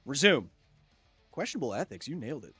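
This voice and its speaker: A man's voice: mid-range voice, sing-song, fairly quick, sharp tone, husky, soft background music. A man hosting a live game stream, chatting casually with viewers, reading out the chat and joking. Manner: chatty, jokey, reads chat aloud and laughs often. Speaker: gaming livestream host.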